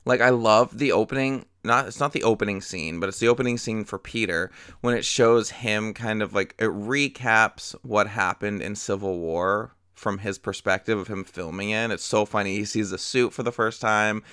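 A man's voice: on the low side, moderate pace, hardly any pauses, bright, forceful tone, smooth, no echo, clean studio sound. A young man hosting a casual solo movie review podcast, chatty and profane, rambling with lots of fillers.

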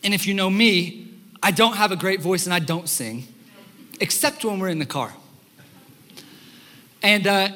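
A young man preaching a sermon as pastor, telling stories in an animated, conversational way with fillers, in a church sanctuary. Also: sits high. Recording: long hall reverb in a church.

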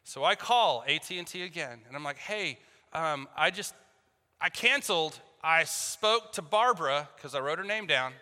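A man's voice: on the high side, animated, moderate pace, bright, forceful tone. A man preaching a sermon, telling a story and acting out both sides of a phone call with jokes. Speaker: pastor. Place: church hall. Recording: long hall reverb.

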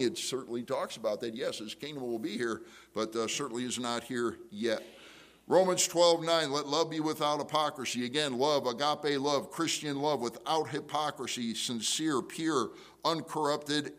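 A man preaching an evening church sermon, conversational, full of rhetorical questions and restarts, moving between loud challenges and quiet prayerful asides. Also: mid-range voice, moderate pace. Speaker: pastor.

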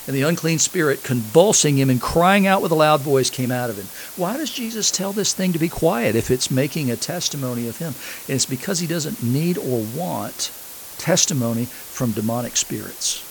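A man's voice: fairly high pitch, expressive, normal speed, vocal fry, slight background noise, poor audio. A man preaching a sermon. He reads scripture aloud, explains it, and puts questions to his listeners. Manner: asks the congregation questions.

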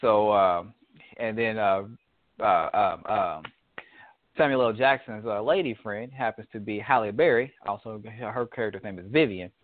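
A man telling a rambling story in a relaxed, casual chat. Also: fairly low pitch, normal speed, no room sound. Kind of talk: casual chat about a movie. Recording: dry tinny phone line.

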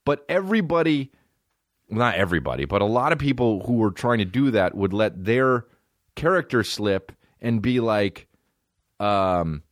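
A man hosting a solo comedy podcast, rambling and swearing as he riffs, bursting into quick mock voices. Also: lowish voice, very animated, no room sound, clean studio sound. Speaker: podcast host. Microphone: phone.

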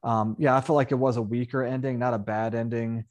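A man's voice: mid-range voice, level tone, brisk, darkish tone. Rambling man hosting a movie podcast. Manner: rambling, full of fillers and self-corrections. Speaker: podcast host. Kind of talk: casual movie review chat.

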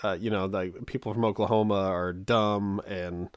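A man's voice: on the low side, fairly even intonation, normal speed, smooth, dry recording, studio quality. A man from Kansas, co-hosting a podcast, telling a childhood story in a rambling, self-mocking way with frequent restarts. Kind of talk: casual storytelling chat.

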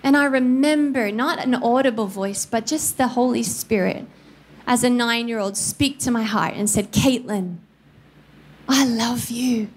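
In a church studio, a Filipino pastor in her thirties gives an animated sermon full of stories and playful character voices. She speaks at a normal pace in a higher register, with a slight hiss or hum in the background.

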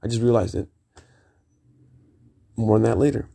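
A middle-aged man with a gravelly, dark voice tells a rambling personal story on his vlog. He talks emphatically, wanders off on tangents, and swears freely. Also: on the low side, moderate pace. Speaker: vlogger.

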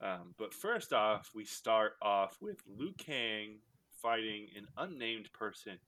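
A man with a lowish voice takes his time as he hosts a casual podcast rewatching movies. He's animated and chatty, often laughing and tossing in jokey asides.

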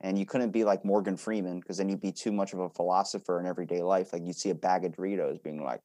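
A man's voice: low voice, steady tone, fast, hardly any pauses, dark tone, no echo. A man hosting a podcast in casual chat, joking around loosely and swearing now and then. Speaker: podcast host.

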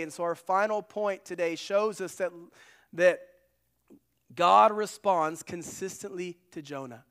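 High-voiced male pastor preaching. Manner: earnest preaching, swings from loud emphasis to hushed asides. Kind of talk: sermon.

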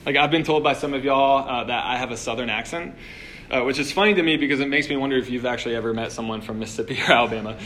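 A man's voice: mid-range voice, very fast, fairly bright tone, a little hiss or hum. Man preaching in a casual, chatty way. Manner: conversational, lots of "like" and restarts. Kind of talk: casual sermon. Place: room with a live audience.

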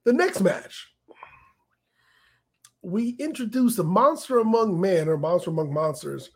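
A man's voice: high-pitched, animated, measured pace, a little hiss or hum. A man co-hosting a casual wrestling recap show, laid-back and jokey as he walks through the matches. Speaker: podcast co-host.

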